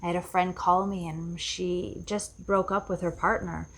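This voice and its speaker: A woman's voice: fairly low pitch, little pitch movement, measured pace, gravelly, a bit bright, breathy edge. A woman life coach giving an earnest, reflective self-help talk, often repeating herself for emphasis. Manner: earnest, repetitive, acts out quoted voices.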